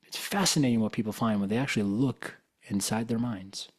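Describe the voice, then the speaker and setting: A man's voice: lowish voice, a little fast, husky. A man giving a casual spiritual talk as a coach and guest speaker, telling stories conversationally with lots of "you know". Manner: casual, conversational, acts out quoted dialogue; loose and informal, with fillers like "you know". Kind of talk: live motivational talk with storytelling.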